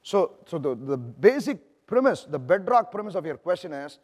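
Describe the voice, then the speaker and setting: A man's voice: a little high, big pitch swings, moderate pace, darkish tone. A man with an Indian accent giving a conference presentation, talking conversationally with many restarts and questions to the audience. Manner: conversational, frequent restarts and "right?" checks to the audience. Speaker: product manager presenting at a conference. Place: large conference hall. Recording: long echo of a conference hall.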